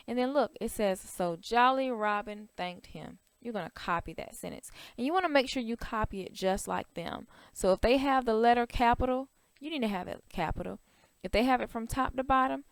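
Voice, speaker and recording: A woman teaching a recorded language arts class to young children, upbeat and encouraging, explaining each step slowly. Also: a little high, smooth, dry recording.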